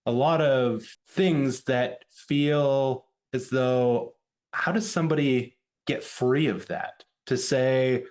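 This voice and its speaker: A man's voice: mid-range voice, slow pace, a little mellow. A man hosting a podcast, asking thoughtful interview questions and searching for his words as he goes. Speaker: podcast host.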